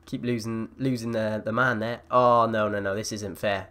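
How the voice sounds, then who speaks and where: A young man giving excitable live commentary over his own football video game matches, gasping and shouting at the plays. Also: lowish voice, moderate pace. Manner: excitable, yells and gasps at plays. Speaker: gaming YouTuber.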